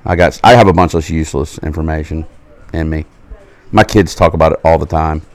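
A man's voice: a bass voice, steady tone, a little fast, darkish tone. A middle-aged man, telling family stories in a casual podcast chat, loose and joking, often acting out what others said. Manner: loose storytelling, acts out family quotes, laughs often. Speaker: podcast co-host.

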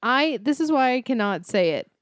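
A woman's voice: high-pitched, sing-song, normal speed, no echo, studio quality. A young woman reading fanfiction aloud for comedy and breaking off with mock annoyance.

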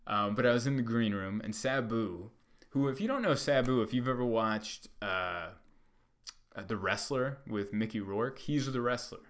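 A man, a comedian, telling a long story in a rambling way with many fillers and loud bursts when he acts out other people. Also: medium pitch, expressive, moderate pace. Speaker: stand-up comedian. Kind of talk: storytelling monologue.

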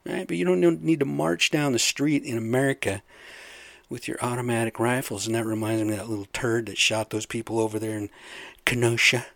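A man's voice: medium pitch, steady tone, a little fast, creaky, dry recording. A man in a casual, rambling rant, swearing often and working himself up. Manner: profane, worked-up, rambling.

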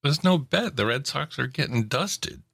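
A man's voice: mid-range voice, lively intonation, creaky, fairly bright tone, husky, dry recording, clean studio sound. A man with a Northeastern Connecticut accent, chatting casually and teasing his co-host. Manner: teasing, quick to laugh. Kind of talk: casual chat.

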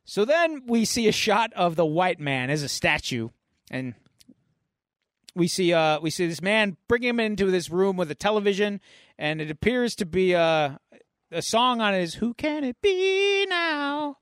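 A man's voice: high voice, expressive, normal speed, a bit bright, no echo, clean studio sound. A man hosting a casual comic book podcast, animatedly retelling a comic and slipping into voices. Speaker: podcast host.

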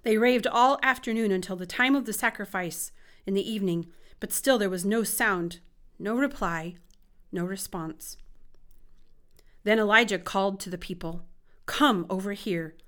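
Woman reading scripture aloud, expressive. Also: mid-range voice, moderate pace. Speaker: Bible reader.

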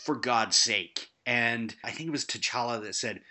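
A man in casual conversation about a film, animated and quick to laugh. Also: medium pitch.

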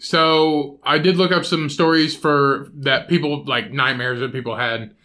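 Brash Midwestern guy with a bright voice. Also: fairly high pitch, steady tone, measured pace. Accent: Midwestern American. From American Midwest. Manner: brash, swears a lot, argues back. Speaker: podcast co-host. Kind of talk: casual chat.

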